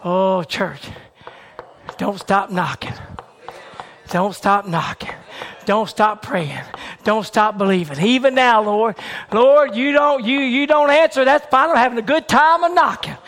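A man preaching a sermon with a repetitive, building cadence that swings between shouted peaks and hushed, near-whispered lines. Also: high-pitched, unhurried.

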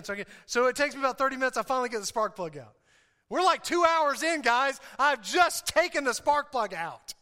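High-voiced pastor in a reverberant hall. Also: male voice, expressive, fairly quick, pushed and bright. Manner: storytelling with self-deprecating humor, frequent repeats and laughs. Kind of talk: sermon.

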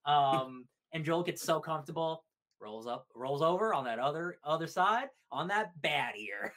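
A young man co-hosting a casual podcast review, animated, recapping scenes and acting out quotes. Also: on the high side, moderate pace. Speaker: podcast co-host.

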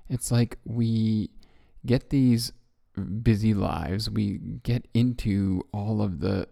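A man hosting a reflective self-help talk, speaking gently and musing with soft laughs. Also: on the low side, fairly even intonation, slow pace, vocal fry. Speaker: podcast host.

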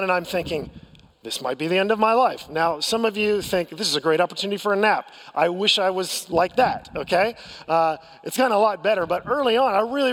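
An American man preaching from the pulpit, with a fairly high voice and a long reverb trailing his words through the hall. He tells a personal story candidly and pokes fun at himself, stumbling into restarts as he goes. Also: a bit bright. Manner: candid storytelling with self-deprecating humor and frequent restarts. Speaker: pastor. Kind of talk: sermon.

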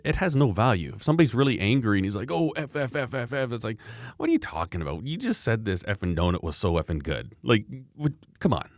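Deep-voiced rambling male storyteller. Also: dry recording, clean studio sound. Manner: rambling storyteller, frequent restarts and laughs. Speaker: podcast co-host. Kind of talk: casual chat.

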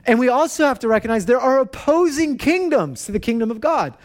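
High-voiced man preaching a casual sermon. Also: fairly quick. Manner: animated personal storytelling. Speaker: pastor. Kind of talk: conversational sermon.

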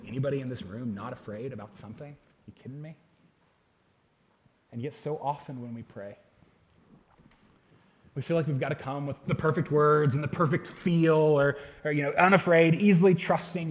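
A man preaching a sermon to a congregation in a casual, conversational way, swinging between loud emphatic bursts and quiet, low asides. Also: slight background noise. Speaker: pastor. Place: church hall with a congregation.

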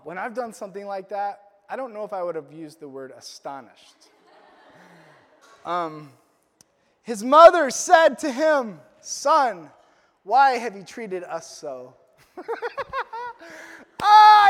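A man with a high, fairly bright voice preaches as a pastor on Father's Day, telling the story playfully and tossing in jokes. The recording has the long reverb of a large hall.

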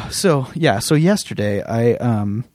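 A man's voice: mid-range voice, big pitch swings, slow pace, a little mellow, no room sound, clean studio sound. A man in his thirties co-hosting a casual podcast, rambling with restarts and frequent laughs. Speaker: podcast co-host.

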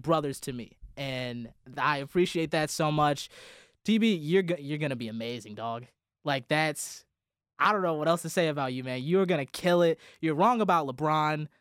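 Young male student broadcaster, sentimental farewell, smooth clear voice, dry studio sound. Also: a little high, fairly bright tone, no room sound. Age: young adult. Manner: rambling, heartfelt, with restarts and laughter. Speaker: college radio host. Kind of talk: emotional farewell speech on air.

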